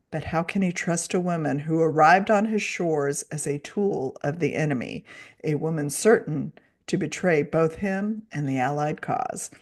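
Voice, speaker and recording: An upbeat woman co-hosting a book podcast, her voice set somewhat low for a woman. She chats casually and laughs easily with her co-host. When reading a book blurb aloud she turns to a clear, steady delivery. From Dallas, Texas, USA.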